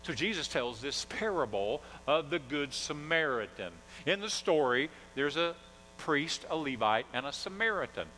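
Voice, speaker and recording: Animated preaching man, lively pitch. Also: normal speed, slight background noise, rough recording. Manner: emphatic preaching with call-and-response questions. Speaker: pastor. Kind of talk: sermon.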